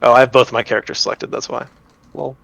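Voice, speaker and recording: A man's voice: mid-range voice, fairly even intonation, fast, vocal fry, a bit bright. A man playing a tabletop role-playing game, narrating his character's actions in a rambling way, with many restarts and laughs. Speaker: player.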